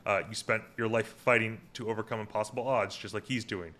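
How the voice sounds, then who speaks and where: A man's voice: on the low side, fairly even intonation, fairly quick, sharp tone. A man co-hosting a podcast, recapping an episode in casual chat and paraphrasing the scenes with lots of fillers.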